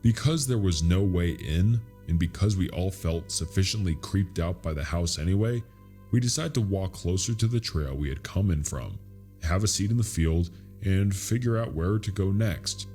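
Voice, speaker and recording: A man reading a scary true story as a narrator, in a slow, hushed, suspenseful delivery. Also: low-pitched, animated, faint music behind. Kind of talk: scripted horror story narration.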